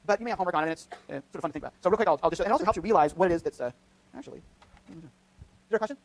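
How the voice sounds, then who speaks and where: This physics professor has a high, animated, gravelly voice and talks very fast. Lecturing in a lecture hall while running a live demonstration, he thinks aloud with frequent restarts and "right?" tag questions.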